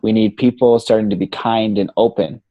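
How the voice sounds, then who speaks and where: A man's voice: fairly low pitch, fairly even intonation, brisk, no room sound, highs cut off. A man guesting on a podcast as a coach, talking casually and with animation, swearing freely and saying "man" and "you know" a lot. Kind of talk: casual interview talk.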